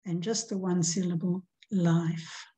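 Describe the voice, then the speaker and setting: A woman's voice: fairly low pitch, fairly even intonation, measured pace, mellow, low-quality recording. A middle-aged woman teacher giving a recorded grammar lesson, patiently walking through examples and counting out syllables.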